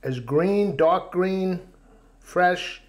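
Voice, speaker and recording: Rambling middle-aged storyteller, dry sound. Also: male voice, high-pitched, very slow, no echo. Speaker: cooking vlog host. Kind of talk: casual storytelling chat.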